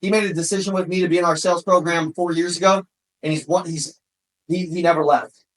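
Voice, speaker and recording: A man with a high, bright-edged voice gives a fired-up motivational talk. He pushes hard, shouting some points and tossing in casual "bro" and "man" to rally the listener. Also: fairly even intonation, fairly quick, low-quality recording. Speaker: motivational speaker.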